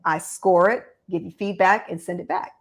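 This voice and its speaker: A woman media coach speaks with a measured, authoritative delivery, as if coaching a client. Her voice sits low for a woman. She talks as a guest on a video-call interview. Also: fairly even intonation. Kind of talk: interview conversation.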